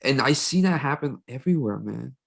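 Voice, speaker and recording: A man's voice: medium pitch, animated, brisk, gravelly, breathy edge. A young adult man from Korea, a native Korean speaker, co-hosting a casual podcast chat in a heated, constantly swearing manner. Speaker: podcast co-host.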